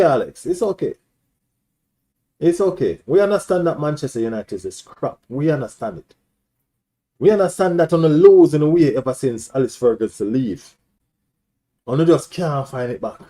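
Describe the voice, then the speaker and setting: A man's voice: mid-range voice, a little mellow. A man hosting a live stream, ranting as a football fan in an emphatic, repetitive, taunting way.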